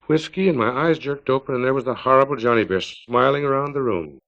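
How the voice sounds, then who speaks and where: A man in his fifties from California reading his own story in a measured, plain storytelling narration, on a dull lo-fi 1950s record. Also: medium pitch, a bit bright.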